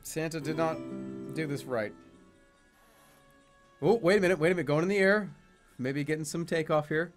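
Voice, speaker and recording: A man streaming a video game, reacting loudly, swearing and laughing at what happens on screen. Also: fairly high pitch, normal speed, pauses often, soft background music. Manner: loud, exasperated, swearing and laughing. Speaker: streamer playing video games. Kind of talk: gaming commentary.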